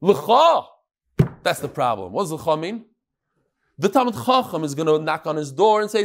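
A man teaching a Talmud lesson in an animated way, acting out the sages' exchanges and mixing in Hebrew and Aramaic terms. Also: fairly high pitch, normal speed, pauses often.

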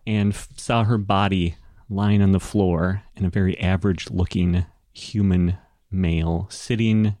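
Rambling game master with a low voice. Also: male voice, dry recording, clean studio sound. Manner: relaxed and rambling, many ums and restarts. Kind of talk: narrating a tabletop game.

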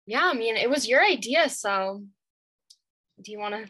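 Woman podcast co-host, bright tone, casual and giggly. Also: a little high, expressive, moderate pace, slightly rough, no room sound. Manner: chatty, laughing, lots of fillers. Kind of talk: casual chat.

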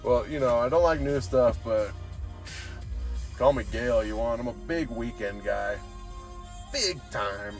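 A man's voice: mid-range voice, unhurried, long pauses, faint music behind. A young man hosting a podcast, telling rambling, profane stories and saying "dude" constantly. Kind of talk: casual storytelling chat.

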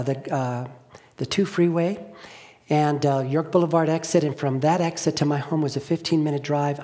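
A man, a preacher giving an earnest testimony in a sermon, often dropping to hushed tones. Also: fairly high pitch.

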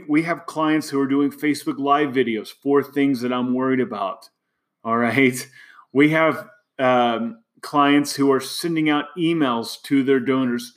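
A man coaching nonprofit leaders in a casual, conversational talk, often checking in with "right?" and "all right.". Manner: slow, emphatic, pitch rising on key phrases.

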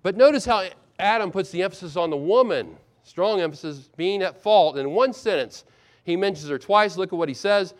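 A middle-aged man preaches from the pulpit in a slightly raised register. He acts out the quoted lines and shifts between forceful emphasis and hushed asides. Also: high voice, normal speed. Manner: expressive preaching, acts out quoted lines with sudden loud and soft turns. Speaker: pastor. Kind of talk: sermon.

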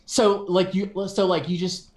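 A man co-hosting a casual comedy podcast, an animated storyteller who laughs often and swears a lot. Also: sits high, measured pace. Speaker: podcast co-host. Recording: echoey room.

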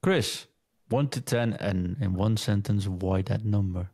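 A man hosting a casual podcast chat, leading the segments in a relaxed, chatty way. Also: fairly low pitch, a little slow. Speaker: podcast host.

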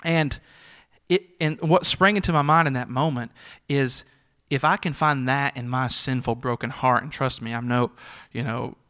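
A man's voice: mid-range voice, fairly even intonation, normal speed, sharp tone, clean tone. A man in his thirties, a senior pastor preaching a sermon, earnest and tender with conversational asides, building to urgent pleading.

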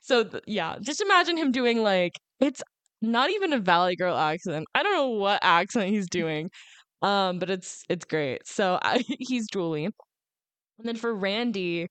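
A woman's voice: medium pitch, measured pace, clear, resonant tone, dry recording. A young woman in her twenties co-hosting a casual podcast, telling stories with frequent giggles. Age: 20s. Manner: giggly, animated storytelling. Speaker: podcast co-host. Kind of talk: casual chat.

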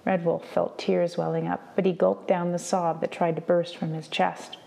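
A woman reading a novel aloud for students in a steady, measured storytelling manner. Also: lowish voice, gravelly. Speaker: reader.

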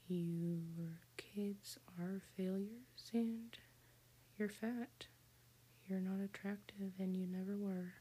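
A woman's voice: medium pitch, warm tone. A woman whispering as a glum male restaurant owner, whispered role-play. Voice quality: breathy whisper. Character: glum middle-aged male restaurant owner, self-pitying.

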